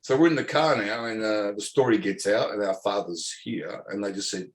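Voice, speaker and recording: A man in his forties with an Australian accent, a former footballer telling an animated story in conversation and acting out what others said. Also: fairly low pitch, brisk, hardly any pauses. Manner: animated storyteller who acts out dialogue and laughs often.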